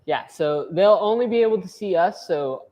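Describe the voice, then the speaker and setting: A chatty, laid-back man running a casual livestream and checking in with viewers. His voice sits a little higher than most men's. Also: animated, normal speed, darkish tone. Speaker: livestream organizer.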